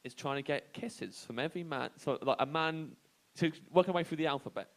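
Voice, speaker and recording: A man's voice: a little high, a little fast. An English comedian telling a self-deprecating story on a radio show, laughing as he goes. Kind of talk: radio banter anecdote.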